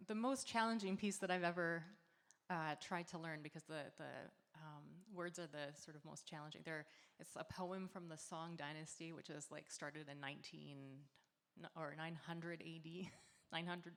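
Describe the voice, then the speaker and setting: Woman performer introducing songs to an audience, relaxed and chatty, live hall with echo. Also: on the low side, moderate pace. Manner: relaxed, friendly, with filler words and light laughs. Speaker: singer and performer. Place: large hall at a community celebration. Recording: live hall sound with long reverb.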